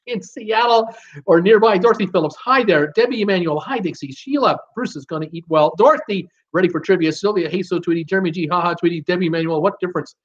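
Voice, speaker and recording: A man's voice: high-pitched, quick pace. Canadian-raised guy rambling on his live stream, jokey, reads out chat, kinda muffled audio. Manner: chatty, jokey, reads out viewer comments. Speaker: live show host.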